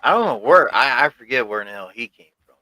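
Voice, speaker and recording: A man in a casual review chat who speaks slowly, searching his memory as he talks. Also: medium pitch, animated, a crowd in the background, low-quality recording. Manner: slow, searching for memories, brief agreements.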